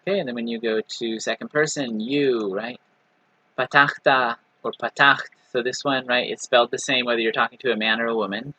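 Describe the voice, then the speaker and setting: A man teaching a recorded language lesson, patiently explaining and repeating example words slowly with frequent "right?" and "okay.". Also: mid-range voice, steady tone, bright, forceful tone, no room sound, rough recording. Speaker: Hebrew teacher.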